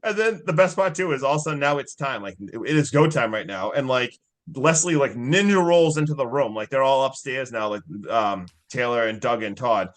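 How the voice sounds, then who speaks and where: A man's voice: medium pitch, expressive, fairly quick. A man co-hosting a podcast, chatting casually and animatedly as he retells movie scenes, with lots of "like". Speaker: podcast co-host. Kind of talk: casual movie review chat.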